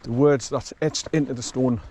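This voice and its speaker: A man's voice: medium pitch, steady tone, moderate pace, a little mellow, slight background noise. Chatty man walking outdoors. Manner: rambling, chatty, chuckles often. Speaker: vlogger walking his dog. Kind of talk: casual walking vlog commentary. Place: outdoors on a forest track.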